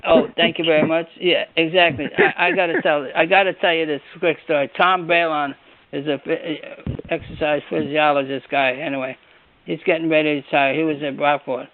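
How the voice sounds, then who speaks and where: A man telling an anecdote in an animated way, laughing and repeating words, on a conference call. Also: a little high, fairly quick. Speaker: former coach on a reunion call. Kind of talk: casual storytelling. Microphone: telephone. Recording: phone-line conference call, dry.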